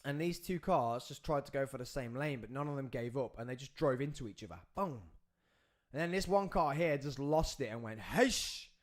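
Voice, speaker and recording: Excitable man telling a story. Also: normal speed. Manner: excitable, acts out the scenes with swings in pitch and loudness. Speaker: podcast host. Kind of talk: animated storytelling.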